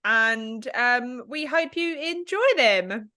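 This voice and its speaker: A woman co-hosting a podcast in casual chat, animated and laughing as she tells stories. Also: fairly high pitch, no room sound, studio quality. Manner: animated, quick bursts, laughs while telling stories. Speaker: podcast co-host.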